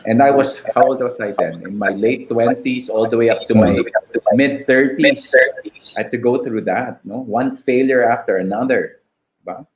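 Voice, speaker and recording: A man in his fifties with a Filipino English accent, sharing a personal testimony in an interview, reflective and halting. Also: mid-range voice, dull audio. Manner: slow and reflective, halting restarts, "diba" tags. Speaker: guest.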